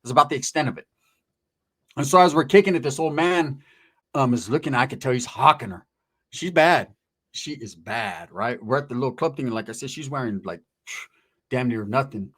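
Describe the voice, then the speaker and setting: Fast-talking man telling a wild story. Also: mid-range voice, a bit bright. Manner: slangy, profane, rambling with asides. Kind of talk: casual comedic anecdote.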